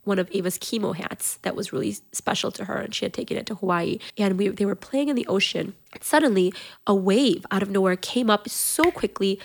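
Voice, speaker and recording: A woman guest on a podcast, telling a personal family story in an emotional, animated way, with many fillers. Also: mid-range voice, brisk, vocal fry.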